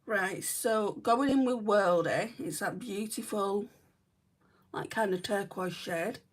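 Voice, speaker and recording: A woman's voice: mid-range voice, slow pace, recorded from a distance. A woman from northwest England with a northern English accent, chatting casually through a makeup livestream, rambling with lots of "right" and "like". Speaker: beauty vlogger. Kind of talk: casual livestream chat while doing makeup.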